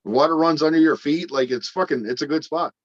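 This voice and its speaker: A man rambles through a story with blunt, profane energy, his voice sitting slightly high. The audio is dull and dry, like a stream call. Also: fairly quick, no room sound. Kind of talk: casual livestream chat.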